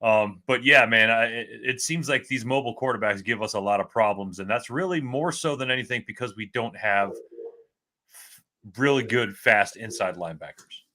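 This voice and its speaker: A man co-hosting a casual sports podcast, talking candidly and excitedly like a fan. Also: medium pitch, normal speed. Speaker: podcast co-host.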